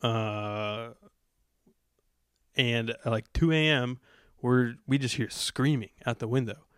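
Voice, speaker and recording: A man's voice: medium pitch, slow, clear, resonant tone, no room sound, studio quality. A man hosting a podcast, telling a story in a laid-back, rambling way. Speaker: podcast host. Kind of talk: casual storytelling chat.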